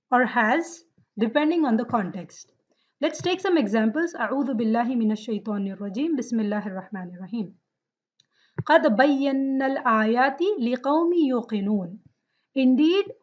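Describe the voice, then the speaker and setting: A woman teaching a Quranic Arabic grammar lesson, explaining step by step and checking in with her students. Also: high-pitched. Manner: explains step by step, asks questions. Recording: dull lo-fi sound.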